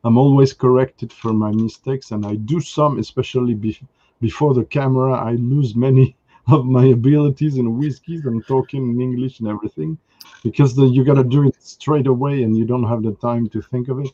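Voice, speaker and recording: French man, hesitant and mellow, dry lo-fi audio. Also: medium pitch, steady tone, no room sound. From France. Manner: hesitant, many "uh" pauses. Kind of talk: casual chat.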